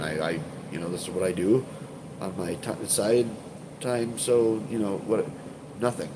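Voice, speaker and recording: Congested low-voiced man rambling on a stream. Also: steady tone, measured pace, background noise. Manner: rambling, hesitant, many fillers and restarts, swears casually. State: congested, stuffed up. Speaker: urban exploration channel host. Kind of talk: casual live-stream chat.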